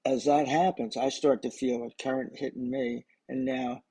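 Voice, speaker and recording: A man's voice: medium pitch, flat delivery, moderate pace, mellow, slightly rough, low-quality recording. An older man telling a personal story in a casual, rambling way, often restarting and adding asides. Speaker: storyteller recording memories for his grandchildren.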